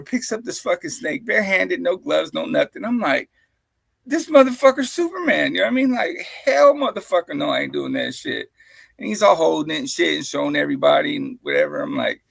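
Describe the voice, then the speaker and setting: A man's voice: fairly high pitch, creaky, breathy edge, no echo. A man casually telling profane, laughing stories on a live-streamed chat show. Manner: profane, laughing, animated anecdotes. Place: home streaming setup. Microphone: streaming microphone.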